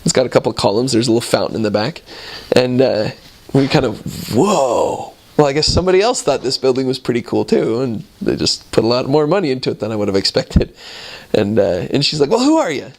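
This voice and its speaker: A man in his thirties, a returned missionary, speaks briskly in a mid-range voice while telling stories from his mission. He's animated and acts out the voices of the people in his anecdotes.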